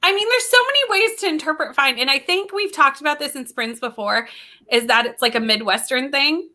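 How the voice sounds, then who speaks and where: A woman's voice: sits high, lively intonation, a little fast, sharp tone. A woman co-hosting a live reading stream, chatting casually and laughing often as she acts out what friends said. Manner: chatty and giggly, acts out quotes. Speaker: co-host of a livestream reading sprint. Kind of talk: casual chat.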